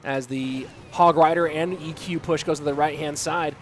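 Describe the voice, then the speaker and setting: Excitable high-voiced male esports caster. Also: moderate pace. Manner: chatty, reads out viewer messages between plays; excitable, voice jumps up at big plays. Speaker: esports caster and stream host. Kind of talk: live play-by-play game commentary.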